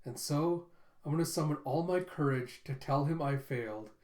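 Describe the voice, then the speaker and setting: A man voicing an earnest, sincere little girl who speaks simply and haltingly. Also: a little high, darkish tone, close to an everyday voice. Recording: roomy echo.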